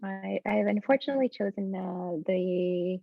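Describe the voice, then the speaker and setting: A woman's voice: medium pitch, moderate pace, vocal fry, no room sound. A woman chats as a talk show guest over a video call. She giggles easily and sounds a bit flustered. The audio is dry and slightly dull. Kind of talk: casual chat.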